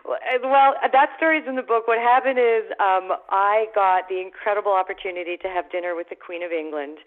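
Animated woman telling stories over a phone-like line. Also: mid-range voice, a little fast. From Canada. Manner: lively anecdotes with acted-out voices and laughter. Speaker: guest actress and author. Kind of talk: animated storytelling in an interview. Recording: phone-like narrow sound.

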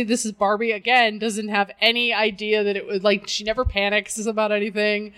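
A woman's voice: mid-range voice, level tone, moderate pace, few pauses, a bit bright, clear, resonant tone. A woman co-hosting a podcast in casual chat, sarcastic and profane, laughing often. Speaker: podcast co-host.

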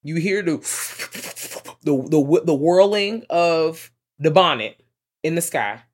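An excitable co-host chatting through a movie review, rambling and cursing freely. The voice sits at a middle pitch. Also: slow. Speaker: podcast co-host. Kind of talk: casual movie review chat.

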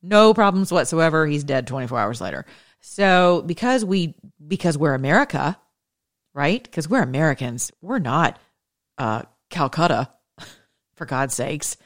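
A woman telling her viewers a personal story in a casual monologue, animated and blunt, with sudden leaps in pitch and loudness. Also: unhurried. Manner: blunt and opinionated, swears and then apologizes. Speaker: mother sharing a personal story.

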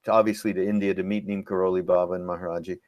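A man hosting a webinar Q&A, speaking reflectively and unhurriedly, often pausing to search for words. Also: low-pitched, little pitch movement, darkish tone, no room sound. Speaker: host. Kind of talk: webinar Q&A conversation.

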